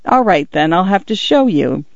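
Man doing gentle playful dad, soft, teasing, audiobook dialogue, dry close sound. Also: high-pitched, very animated, normal speed, gravelly, dry recording, highs cut off, exaggerated voice. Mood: teasing, tender. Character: gentle, playful divorced father. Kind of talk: audiobook character voice.

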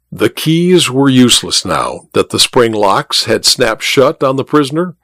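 A man narrating an audiobook in an animated, theatrical reading. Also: medium pitch, unhurried, hardly any pauses, no echo, studio quality.

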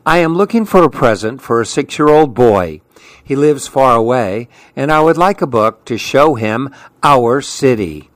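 A man's voice: medium pitch, animated, a little slow, no room sound, natural voice. A man reading the lines of an aunt buying a present in a storybook. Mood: eager. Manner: polite, delighted. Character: eager aunt shopping for a gift.

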